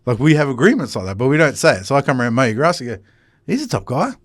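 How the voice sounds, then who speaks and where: A man's voice: mid-range voice, lively intonation, racing, no room sound, clean studio sound. A man hosting a casual podcast conversation, blunt and swearing, who acts out other people's voices.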